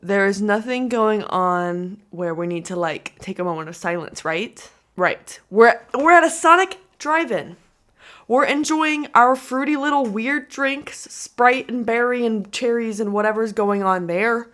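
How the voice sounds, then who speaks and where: A woman's voice: medium pitch, fairly bright tone. Giggly incredulous young woman commentator. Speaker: commentary vlogger. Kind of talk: reaction commentary.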